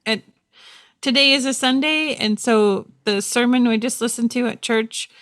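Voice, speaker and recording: A woman with a fairly high voice co-hosts a relaxed faith podcast, chatting over a computer call. She is animated, laughs often and breaks into surprised exclamations. The sound is dry and close. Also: normal speed, no echo. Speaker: podcast co-host. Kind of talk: casual faith podcast chat. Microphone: recorded over a computer call.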